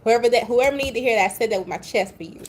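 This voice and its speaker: A woman's voice: fairly high pitch, racing. A woman giving a casual tarot reading, blunt, profane and chatty, drifting into playful tangents. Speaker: tarot reader. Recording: faint background noise.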